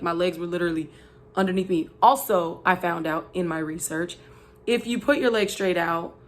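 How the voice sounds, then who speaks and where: A woman vlogger talks straight to her viewers, her speech loose and animated and full of filler and asides. Her voice sits at an ordinary middle pitch for a woman. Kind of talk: casual storytelling to camera.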